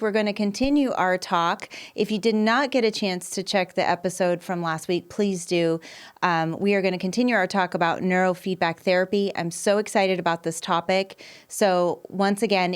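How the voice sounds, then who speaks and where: A woman's voice: medium pitch, smooth. A woman hosting a podcast interview, enthusiastic and conversational, often affirming her guest. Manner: warm, enthusiastic, frequent affirmations. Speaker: podcast host.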